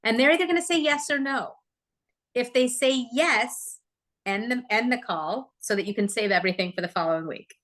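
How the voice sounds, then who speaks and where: A woman giving a live real estate training talk, chatty and lively, often asking the audience questions. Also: a little high, moderate pace. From Oregon, USA.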